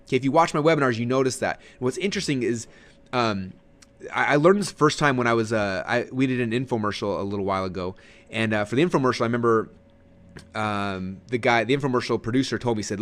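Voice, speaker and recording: Fast-talking energetic man teaching. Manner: energetic, animated, swings pitch up and down; many fillers and repeated words. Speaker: webinar trainer. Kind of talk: casual teaching talk.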